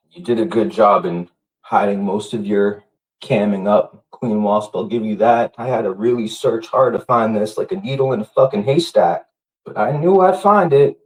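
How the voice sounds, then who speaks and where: A man's voice: medium pitch, breathy edge, rough recording. A man streamer on a live-stream rant, angry, profane and taunting.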